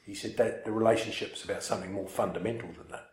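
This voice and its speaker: Speaking fast with few pauses, this man has a lowish, somewhat dark voice. In an echoey room he tells listeners a casual personal story, wandering off track, poking fun at himself, and constantly using fillers and starting over.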